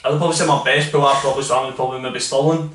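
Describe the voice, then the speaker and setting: A man's voice: mid-range voice, fairly even intonation, rapid-fire, a bit bright. A young Scottish man in casual chat who often repeats words and says "aye". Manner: chatty, repeats himself, says "aye" a lot. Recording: echoey room, picked up from a distance.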